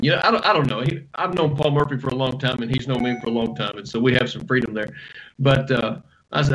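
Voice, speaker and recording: A pastor, answering interview questions in a relaxed, storytelling way with self-deprecating humor. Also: male voice, mid-range voice, a little fast, low-quality recording.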